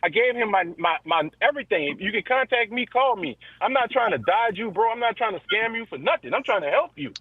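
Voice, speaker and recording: A man casually telling a story on a livestream, animated and repeating himself as he recounts what he said. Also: sits high, a little fast, few pauses, breathy edge, no echo, phone-quality sound.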